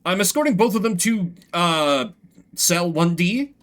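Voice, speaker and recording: A man's voice: sits high, expressive, unhurried, a bit bright, pitched above the performer's own voice. A man voicing a nervous, dim young male stoat guard who stammers and hurries to please. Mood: flustered.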